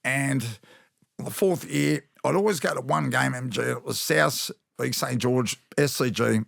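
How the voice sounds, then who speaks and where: A man's voice: medium pitch, moderate pace, vocal fry, a bit bright, dry recording, clean studio sound. An Australian former rugby league player in his fifties, telling rambling, blokey stories with slang on a podcast. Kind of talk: casual storytelling chat.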